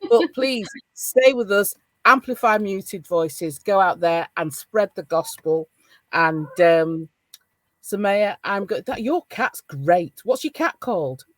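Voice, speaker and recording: A middle-aged woman with a Northern English accent hosts a casual roundtable over a video call. Her voice has a mid pitch and rises high when she gets excited and laughs. It sounds dry and close to the mic. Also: slow, dry recording. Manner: animated, laughing, encouraging. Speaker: podcast host.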